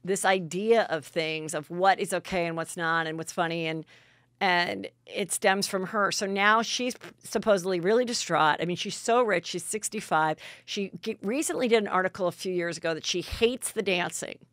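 A woman's voice: on the low side, normal speed, fairly bright tone, dry recording, clean studio sound. A woman hosting a podcast, telling stories in casual gossip chat and acting out what people said. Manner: chatty storyteller, acting out quotes. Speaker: podcast host.

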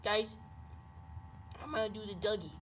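A woman doing loud, silly running commentary while playing a game. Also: medium pitch, normal speed. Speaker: gaming video creator.

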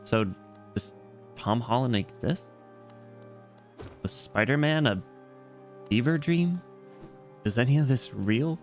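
This young man plays a video game on stream as a VTuber, joking around and rambling to his chat. He speaks slowly and animatedly at medium pitch, leaving long pauses, with faint music behind him.

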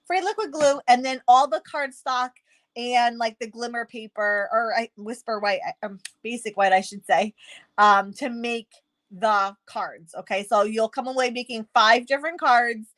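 A woman's voice: a little high, unhurried, fairly bright tone. A woman hosting a live crafting stream, chatty and bubbly, greeting viewers by name and laughing often. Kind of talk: casual live-stream chat.

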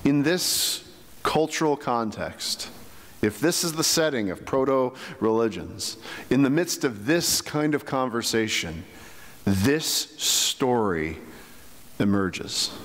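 A man's voice: on the low side, a bit bright, long reverb tail. A man preaching a sermon as pastor, in a conversational way full of rhetorical questions. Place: church sanctuary.

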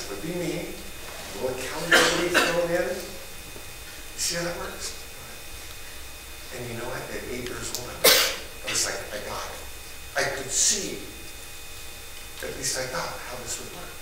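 A middle-aged man giving a motivational talk to a live group, an animated storyteller who acts out the people in his story and shouts their lines. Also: medium pitch, measured pace, pauses often. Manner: animated storyteller acting out neighbors with loud shouted voices. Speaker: motivational speaker. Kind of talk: storytelling keynote speech. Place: event hall in front of a live group. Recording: distant echoey hall recording with noise.

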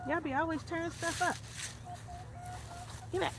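A woman's voice: very high-pitched, steady tone, normal speed, background noise. A woman in a casual vlog, scolding her chickens in an exasperated, chiding way in an outdoor backyard garden, filmed on a phone. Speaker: backyard homesteader.

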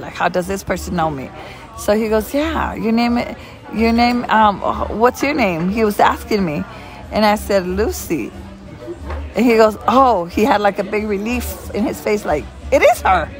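Woman in her fifties telling a story. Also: medium pitch. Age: 50s. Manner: animated, acts out both sides of old conversations. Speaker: interviewee telling how she met her husband. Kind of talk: casual storytelling. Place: restaurant.

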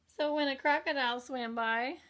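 A young woman teacher reading a picture book aloud to young children, gentle and expressive, often pausing to ask questions. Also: sits high. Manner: gentle, slow and expressive, asking the listener questions.

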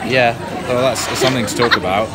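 Young man, awkward on camera, quick speech, busy crowd around. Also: mid-range voice. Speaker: friend of the vlogger. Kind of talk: casual chat. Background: loud crowd chatter.

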